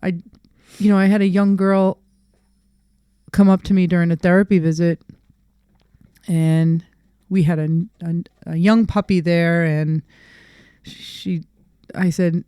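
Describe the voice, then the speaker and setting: Woman dog trainer, podcast co-host, animated storyteller; smooth, resonant, close and dry sound. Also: fairly low pitch, measured pace, long pauses, dry recording. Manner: animated storyteller who acts out quoted people. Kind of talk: casual podcast chat.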